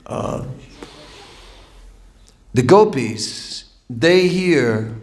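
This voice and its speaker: A man giving a devotional lecture as a spiritual teacher, reflective and storytelling, with long pauses. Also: mid-range voice, expressive, faint music behind. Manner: storytelling with acted quotes.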